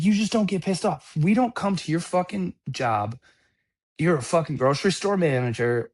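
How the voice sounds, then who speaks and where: A man who works in restaurants giving a blunt, profane, preachy rant. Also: medium pitch. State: sober. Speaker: restaurant worker. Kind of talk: unscripted rant.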